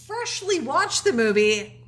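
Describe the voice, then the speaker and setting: A woman's voice: high voice, very animated, slow pace, a crowd in the background. A woman co-hosting a live stream, chatting casually and reading viewer comments aloud. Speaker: co-host reading live chat.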